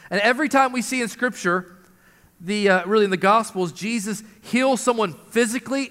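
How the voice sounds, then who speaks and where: High-voiced preaching pastor in a hall. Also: male voice, a bit bright. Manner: earnest preaching, rising for emphasis. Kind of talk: sermon. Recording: long hall reverb.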